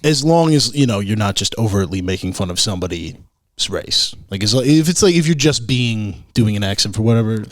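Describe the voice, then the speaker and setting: A man from Chicago, a stand-up comedian, chats on a podcast with a lively, swooping voice. He is playful and laughs readily, and the sound is close and dry. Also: lowish voice, fairly quick, dry recording. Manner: animated, laughing often, playful. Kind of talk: casual chat. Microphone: camera and studio mic.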